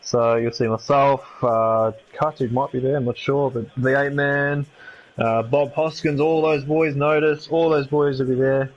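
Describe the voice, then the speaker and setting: A man's voice: medium pitch, steady tone, a little slow. Joking male co-commentator, dull lo-fi audio. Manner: joking, laughs easily. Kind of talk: live stream sim racing commentary.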